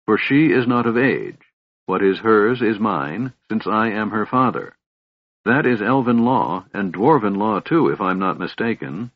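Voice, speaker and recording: A man's voice: fairly low pitch, expressive, a little slow, dry recording. A man voicing an ancient, proud elf lord who speaks in a stern, commanding manner. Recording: dull, lo-fi audiobook recording.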